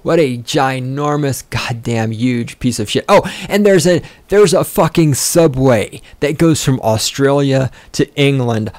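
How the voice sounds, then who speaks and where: A man's voice: medium pitch, animated, a little slow, hardly any pauses, a little mellow, no room sound. A man hosting a podcast, ranting in a rambling, profane, sarcastic way and getting sidetracked easily. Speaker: podcast host. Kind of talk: rambling casual rant.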